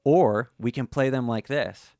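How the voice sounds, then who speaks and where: A man's voice: medium pitch, a little slow. A man giving a casual, conversational guitar lesson, full of "you know" fillers. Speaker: slide guitar teacher.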